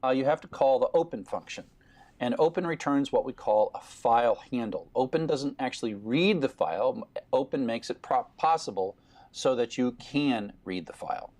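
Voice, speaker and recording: A man's voice: mid-range voice, expressive, normal speed, darkish tone. A man giving a recorded programming lecture, explaining steadily with fillers.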